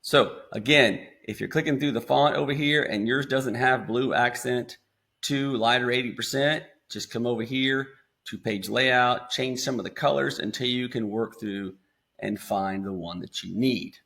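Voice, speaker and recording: A man with an American accent casually talking students through a screen-recorded software tutorial step by step. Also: mid-range voice, normal speed, vocal fry. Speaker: instructor.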